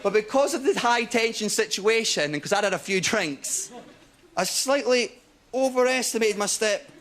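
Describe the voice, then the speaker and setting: A young Scottish man doing a stand-up comedy set, telling stories with animated energy and dropping into low mock voices for asides. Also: moderate pace. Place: TV studio stage before a live audience. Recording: loud audience laughter and applause.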